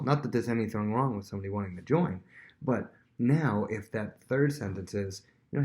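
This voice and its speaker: A man's voice: fairly low pitch, normal speed, darkish tone. A man who is a worship leader, teaching a casual Bible lesson with everyday examples and frequent restarts.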